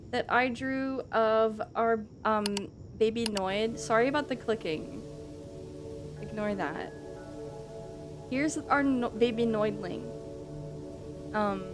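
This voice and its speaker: A woman streamer chatting casually with her live audience, rambling along with lots of fillers and the odd swear. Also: fairly high pitch.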